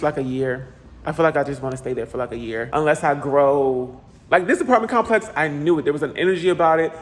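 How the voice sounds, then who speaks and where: Chatty man ranting in an echoey apartment. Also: on the high side. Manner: chatty, animated, with playful asides. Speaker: vlogger. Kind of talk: casual vlog rant. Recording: echoey room with faint ambience.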